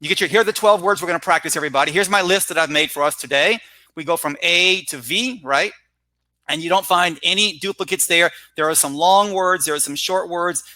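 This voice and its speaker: Bright, lively ESL teacher presenting. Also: male voice, high-pitched, brisk, no room sound. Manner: energetic, explanatory, talks to the audience with "right?" and "all right?". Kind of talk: recorded conference talk on vocabulary teaching.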